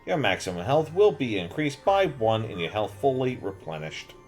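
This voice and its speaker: New York clerk voiced by a man, polite counter manners, slow measured lines, game character. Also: medium pitch, big pitch swings, darkish tone, soft background music, voice pushed up, close to an everyday voice. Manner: formal service-counter politeness. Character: male New York clerk at a token exchange.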